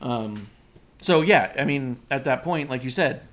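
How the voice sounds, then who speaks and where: Unhurried yet expressive, a man with a medium, fairly bright voice co-hosts a laid-back wrestling show over an online call. He's opinionated and emphatic, wandering along with plenty of fillers.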